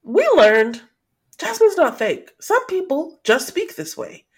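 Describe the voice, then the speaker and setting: A woman co-hosting a casual podcast about a reality dating show. She talks slowly and draws out her reactions, and her voice rises and falls widely across each phrase. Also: high voice, sing-song. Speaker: podcast co-host.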